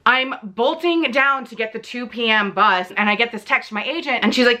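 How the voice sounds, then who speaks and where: A woman's voice: a little high, fairly quick, hardly any pauses, sharp tone. A woman telling a storytime vlog, exasperated and in pain, retelling a bad week with lots of "like" and some swearing. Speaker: vlogger. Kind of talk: casual storytime rant.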